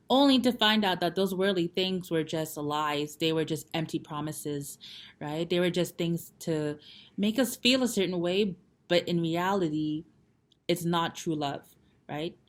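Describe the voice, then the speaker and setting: Casual young woman vlogger, low voice, chatty retelling with quoted asides. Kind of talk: casual storytelling reflection.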